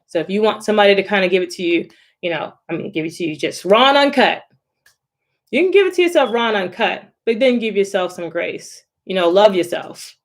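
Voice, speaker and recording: A woman's voice: medium pitch, big pitch swings, fairly quick. A woman speaking casually and encouragingly about stress management, with lots of conversational fillers. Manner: encouraging, conversational, many "you know" fillers. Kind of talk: informal self-help talk.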